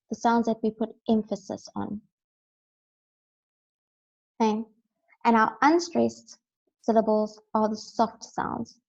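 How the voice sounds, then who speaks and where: A woman's voice: mid-range voice, vocal fry, a little mellow, lo-fi sound. A woman teaching a recorded lesson, explaining step by step and often checking in with "right?".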